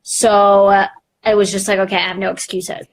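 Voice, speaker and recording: Animated young woman telling candid stories. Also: mid-range voice. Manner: fast, animated, self-mocking, lots of "like" and acted quotes. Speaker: podcast host and interview guest. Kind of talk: candid storytelling in an interview. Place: live online interview.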